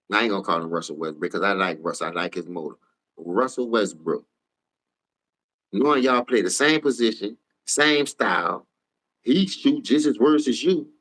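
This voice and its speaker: Profane, animated New man ranting. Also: normal speed, rough recording. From New Orleans. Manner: profane, animated, trash-talking, swings from low mutters to high shouts. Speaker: sports talk show host. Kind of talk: heated casual live-stream rant.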